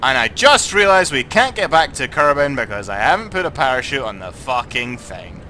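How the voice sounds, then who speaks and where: A young Scottish man commentating on his own gameplay, tipsy, sweary and jokey, swinging between muttering and excited shouting. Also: mid-range voice, moderate pace, a little hiss or hum. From Scotland. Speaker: gaming YouTuber.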